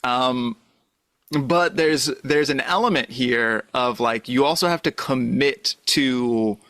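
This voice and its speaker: A man's voice: medium pitch, slow pace, fairly bright tone, no echo. Male podcast co-host, dry sound, thinks aloud, hesitant and musing. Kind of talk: casual chat.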